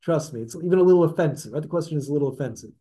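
Racing along in a dark-toned, rather high voice, a man teaches a small group a Torah class. He keeps it conversational, correcting himself mid-sentence and turning questions toward his listeners.

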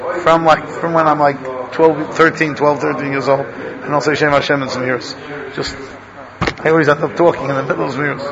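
A man's voice: high voice, a bit bright, poor audio. A middle-aged man teaches a class, chanting Hebrew text and explaining it in casual English asides. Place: classroom with students. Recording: class recording with audience noise.

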